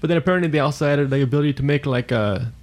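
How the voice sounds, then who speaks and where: A man's voice: mid-range voice, racing. A man co-hosting a podcast in casual chat, rambling and trailing off, laughing often. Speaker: podcast co-host.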